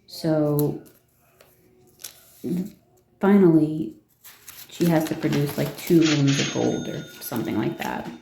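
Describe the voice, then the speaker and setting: A woman's voice: low voice, slow, gravelly, pauses often, reverberant, background noise. A woman casually retelling a fairy tale from her notes. She rambles, asks rhetorical questions and gives her opinions along the way. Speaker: vlogger.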